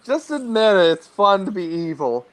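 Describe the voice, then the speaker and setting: A man putting on a high, whiny voice as a silly evil banker. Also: very animated, a bit bright. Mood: gleeful. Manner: hammy, drawn-out whine.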